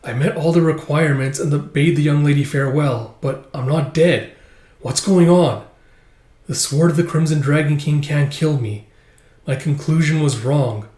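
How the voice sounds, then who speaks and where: A man's voice: fairly high pitch, moderate pace, a little mellow, lightly acted. Man reading as a weary immortal seeking death. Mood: resigned. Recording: roomy echo.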